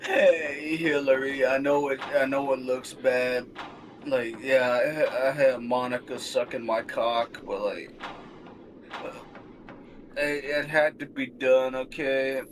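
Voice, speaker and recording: A man's voice: mid-range voice, steady tone, a little hiss or hum, natural voice. A man doing a sheepish ex-president impression. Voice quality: halting, excuse-making drawl. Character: sheepish former US president making excuses. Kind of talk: comic impression during a stream.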